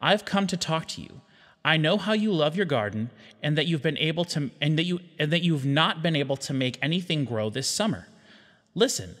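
A man voicing a gentle, kindly fairy queen while reading a children's storybook aloud in a soft sing-song manner. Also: a little high, animated, moderate pace, in a large hall.

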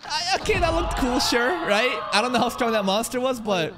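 A man hosting a live anime reaction, heated and profane, yelling at the screen. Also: extremely high pitch, lively intonation, a little fast. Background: anime episode audio with music.

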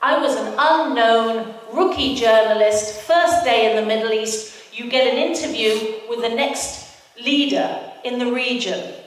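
A British woman giving a personal testimony talk as guest speaker, a lively storyteller who acts out the voices of the people in it. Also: fairly high pitch, unhurried. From Britain. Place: large hall, mosque event. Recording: echoey hall from far off.

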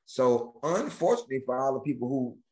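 A man, a stand-up comedian chatting as a podcast guest and acting out bits with sudden jumps in pitch. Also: big pitch swings, a little fast, warm tone. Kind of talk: animated storytelling chat.

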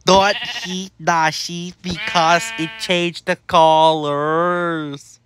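This comedic narration layers nagging commentary over a game, circling back to identical warnings over and over. The delivery is very slow and steady at a medium pitch, with background noise throughout.

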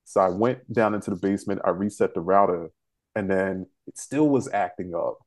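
A man's voice: sits low, brisk. A man hosting an interview show, talking in an emotional, rambling way. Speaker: show host. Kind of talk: casual interview chat.

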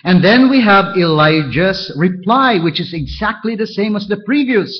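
A man preaching a verse-by-verse sermon, reading scripture aloud and pointing out each step with deliberate care. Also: sits high, expressive, highs cut off. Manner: slow, deliberate, walks through verses point by point. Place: church.

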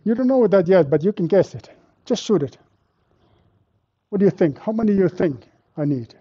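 Lecturer teaching a live class, muffled. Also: male voice, sits high, expressive, moderate pace, husky. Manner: quizzes students and teases them. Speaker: university lecturer. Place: lecture hall with a live audience.

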